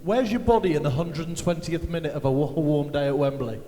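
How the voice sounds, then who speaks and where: A man's voice: fairly high pitch, fast talker, dark tone. A man hosting a live interview on stage, putting chatty questions to guests. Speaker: event host, interviewer. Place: large arena stage. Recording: long reverb of a big hall, faint noise.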